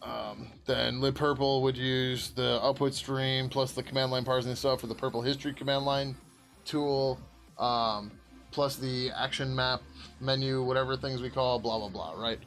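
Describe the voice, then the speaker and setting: A man of middle pitch talks loosely through his coding on a live stream, full of fillers and quick laughs. He swears offhandedly and turns to his viewers mid-thought. Faint music plays under his voice. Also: flat delivery, vocal fry, fairly bright tone. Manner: rambling, laughs often, answers chat; swears casually, many fillers. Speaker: software developer streaming his work. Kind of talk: casual live-stream chat while coding.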